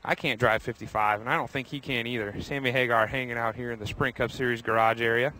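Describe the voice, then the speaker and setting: A man's voice: mid-range voice, fairly even intonation, quick pace, bright, forceful tone, slight background noise, poor audio. A young man walks through a racetrack garage outdoors, hosting a live tour in an upbeat, chatty way. He calls out viewers by name as he goes, his voice sitting in a middle register. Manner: walking while talking. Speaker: host. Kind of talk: live walking tour commentary.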